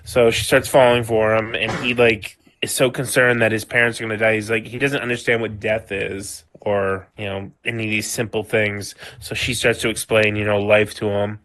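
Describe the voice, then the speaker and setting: A man's voice: fairly low pitch, level tone, normal speed, hardly any pauses, a bit bright. A man co-hosting a casual podcast, recounting a story at length with lots of "like" and the odd swear word. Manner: rambling storyteller, heavy use of "like", swearing. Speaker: podcast co-host.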